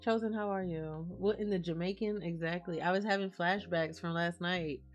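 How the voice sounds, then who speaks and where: A woman's voice: lowish voice, steady tone, moderate pace, soft background music. A woman streaming live, chatting casually and reading out and answering messages from her chat. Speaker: livestreamer.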